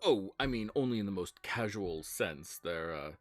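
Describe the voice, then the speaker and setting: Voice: deep voice, expressive, normal speed, no room sound, soft background music. A game master voicing a sly, teasing divine spirit being in a live tabletop game. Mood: sly, airy. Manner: mock-innocent, airy. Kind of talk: live-streamed tabletop role-play.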